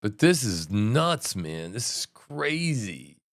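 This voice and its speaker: A man hosting a livestream, reacting to a meeting with excitable, profane commentary that swings between loud outbursts and muttering. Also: on the low side, takes it slowly, dry recording, clean studio sound. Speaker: livestream host.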